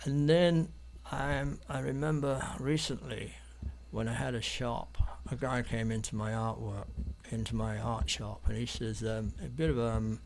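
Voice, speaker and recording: A man's voice: mid-range voice, level tone, a little slow, vocal fry, darkish tone, a little hiss or hum. An English man from London, an artist guest in an interview, telling stories in a rambling, hesitant way with many ums and restarts. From London, England. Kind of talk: anecdotal storytelling in an interview.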